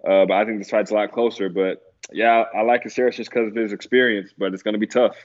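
A man's voice: lowish voice, steady tone, fast talker. Laid-back man on lo-fi audio. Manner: laid-back, many fillers, laughs easily. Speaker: guest analyst. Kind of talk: casual podcast chat about fights.

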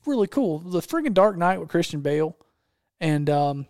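A man's voice: a little high, big pitch swings, normal speed, a little mellow, dry recording, studio quality. A man hosting a casual chat, talking with enthusiasm and often restarting his sentences. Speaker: podcast host.

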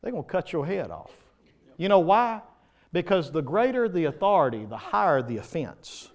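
A man with a slightly high, sing-song voice preaches in church at a moderate pace. His sermon is impassioned and pleading, swelling loudly before dropping into quiet passages.

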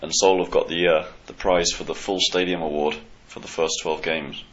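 A man's voice: low-pitched, steady tone, normal speed, a little hiss or hum. A man co-hosting a casual football podcast with dry, blunt banter. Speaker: podcast co-host. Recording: slightly dull, lo-fi.

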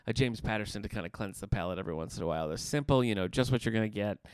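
A man co-hosting a casual podcast, talking in a measured, mildly wry way with frequent fillers. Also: lowish voice, animated, clear, resonant tone, dry recording. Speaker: podcast co-host, librarian. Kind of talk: casual chat.

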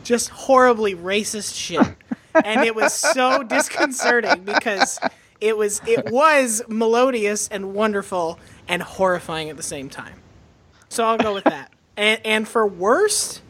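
A man's voice: sits high, measured pace, fairly bright tone. A man co-hosting a podcast in casual chat, thoughtful and hesitant, often restarting his sentences. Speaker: podcast co-host.

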